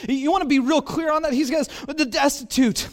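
High-voiced animated male preacher. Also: brisk. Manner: animated, acts out dialogue, self-deprecating humor. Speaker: pastor. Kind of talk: storytelling sermon. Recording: long hall reverb.

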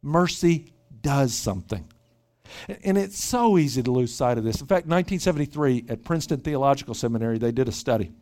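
A man preaching a sermon at a church retreat, animated and often repeating his first words as he starts a thought. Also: medium pitch, a little fast. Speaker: pastor.

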